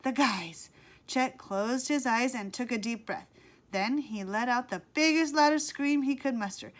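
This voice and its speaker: A woman narrating a children's book aloud in a slow, expressive read-aloud manner. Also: fairly high pitch. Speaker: audiobook reader. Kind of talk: storybook narration.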